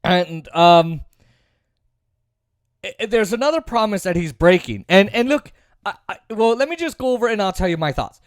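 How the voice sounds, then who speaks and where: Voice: mid-range voice, animated, moderate pace, pauses often, no room sound, studio quality. A political commentary host giving a sarcastic, opinionated monologue, repeating points for emphasis. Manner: sarcastic, mocks opponents in put-on voices.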